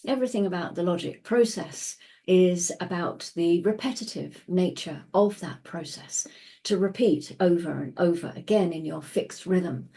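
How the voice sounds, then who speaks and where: Woman, lowish voice, mellow, calm unhurried explaining, daily astrology talk. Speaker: astrology podcast host.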